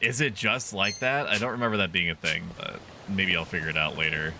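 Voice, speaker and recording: A man's voice: sits low, fairly even intonation, fairly quick, bright, forceful tone, slight background noise. Laid-back swearing male game streamer. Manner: chatty, laughing, swears freely. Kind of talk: casual live gameplay commentary.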